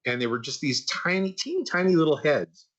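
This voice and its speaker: Bright-voiced older man telling stories. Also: on the high side, brisk, lo-fi sound. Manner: relaxed anecdotal, frequent "uh" and repeats. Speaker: guest, animation artist. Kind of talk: casual storytelling in a podcast interview.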